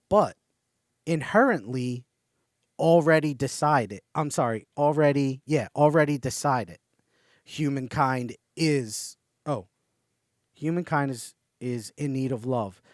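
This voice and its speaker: A man hosting a podcast, reading out a channeled message slowly and stopping often to marvel at it. He gets excited, breaks off mid-sentence and starts over. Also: fairly high pitch, no echo, studio quality. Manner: reads quoted passages slowly and deliberately. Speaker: podcast host.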